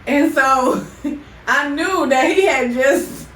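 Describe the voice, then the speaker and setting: A woman co-hosting a podcast, telling stories with her partner in a lively way and laughing often. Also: sits high, slow. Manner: animated storytelling with frequent laughter. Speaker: podcast co-host. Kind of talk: casual couple chat. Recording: roomy, distant mic, faint noise.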